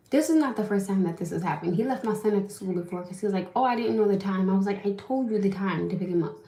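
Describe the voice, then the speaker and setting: A woman's voice: mid-range voice, roomy sound. Venting young woman on a livestream. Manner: animated, venting, talks straight to viewers. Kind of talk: casual live-stream storytelling.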